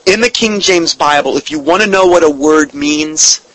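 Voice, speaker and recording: Delivering a heartfelt, emphatic sermon, this preacher shows his emotion openly and slows to read out scripture and definitions. He has a slightly high, fairly bright voice, recorded roughly with no echo.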